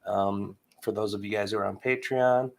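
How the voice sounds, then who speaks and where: A man's voice: fairly low pitch, steady tone, moderate pace, creaky. A man in his thirties from Michigan hosting a casual live stream, chatting and greeting viewers by name in an upbeat way.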